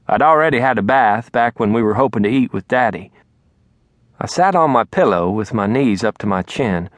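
A man narrating an audiobook in a soft, even storytelling voice. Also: mid-range voice, no echo, clean studio sound. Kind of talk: scripted narration. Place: recording studio.

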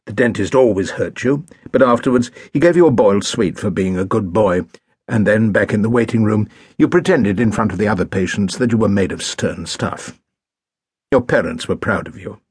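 A man narrating an audiobook in a measured, wry storytelling manner, recorded in a studio. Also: lowish voice, a little mellow, slightly rough, no echo.

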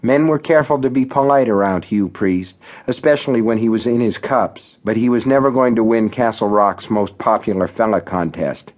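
A man's voice: lowish voice, moderate pace, few pauses, darkish tone. Man narrating a horror audiobook wryly. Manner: wry, conversational storytelling. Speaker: author reading his own novel.

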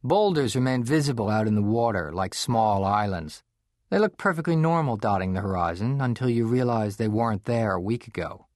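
A man narrating a children's audiobook in a measured, expressive storytelling manner, close to the mic. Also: medium pitch, no echo. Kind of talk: scripted narration. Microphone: close studio mic.

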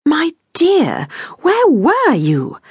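A woman's voice: medium pitch, big pitch swings, normal speed, slightly rough, dry recording, clean studio sound. A woman narrator voicing a chattering, gushing neighbour woman who is a mother, in an effusive, breathless manner, as an audiobook character. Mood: bustling.

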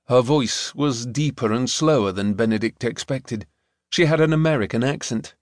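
This is scripted narration of a novel by a man with a mid-range voice. The reading is measured yet expressive, captured in a clean, dry studio recording.

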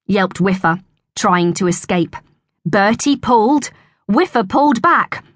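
A woman narrating a children's audiobook with expressive, storytelling delivery. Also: medium pitch, measured pace, dry recording, clean studio sound.

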